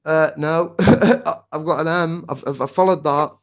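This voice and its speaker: A man talks casually on a phone live stream with a fairly high voice. He rambles and keeps drifting off onto tangents. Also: fairly even intonation, moderate pace, lo-fi sound. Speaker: livestreamer.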